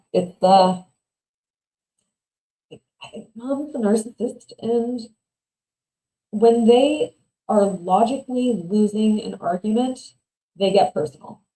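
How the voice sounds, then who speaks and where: Chatty woman reacting to stories, dark voice. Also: fairly low pitch, roomy sound, poor audio. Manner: chatty, opinionated, laughs often, trails off into mumbles. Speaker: streamer reading and reacting to online stories. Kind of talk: casual livestream commentary.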